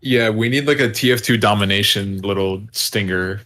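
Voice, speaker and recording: A man's voice: fairly low pitch, normal speed, bright, forceful tone. A man playing an online shooter and chatting casually with teammates in a teasing, playful way. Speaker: game player. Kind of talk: casual gaming voice chat.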